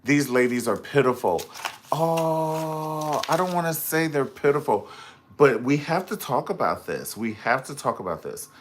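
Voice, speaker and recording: A man's voice: on the high side, lively intonation, measured pace, a little hiss or hum. A man reviewing a reality show on a live stream, sassy and dramatic, calling out to viewers in the comments as he gossips. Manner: sassy, dramatic and gossipy, full of slang asides.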